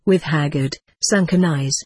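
Audiobook narrator, measured old-style storytelling, husky voice, dry close mic. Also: medium pitch, dry recording. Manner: measured, old-fashioned first-person narration. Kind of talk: audiobook reading.

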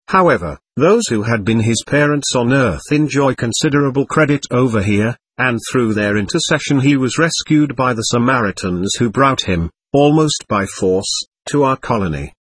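A man reads a first-person story aloud, earnest and measured. His voice is husky with a lively, rising and falling pitch. The sound is dry and close. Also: no echo. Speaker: audiobook narrator. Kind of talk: scripted first-person narration.

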